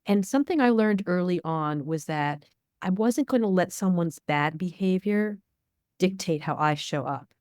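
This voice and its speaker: A woman's voice: fairly low pitch, lively intonation, moderate pace, a little mellow, no echo, studio quality. A middle-aged woman, a media expert guest, answering interview questions in a candid, storytelling way. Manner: candid, storytelling, acts out dialogue.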